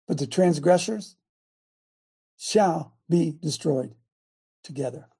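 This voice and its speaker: Male host, raspy gravelly voice, emphatic preacher delivery. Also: a little high, warm tone. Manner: emphatic, calls on callers by name. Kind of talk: reading scripture and hosting a call-in.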